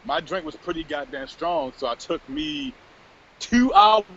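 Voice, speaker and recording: A man co-hosting a podcast, telling a story in casual chat, cursing freely and animated. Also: a little high, normal speed, creaky, slight background noise. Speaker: podcast co-host. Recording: dull lo-fi podcast recording.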